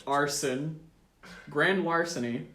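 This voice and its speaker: A man's voice: a little high, slow pace, pushed and bright. A teenage boy narrating a tabletop game as game master, casual and often laughing, with many ums and uhs. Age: teens. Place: school room. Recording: echoey room.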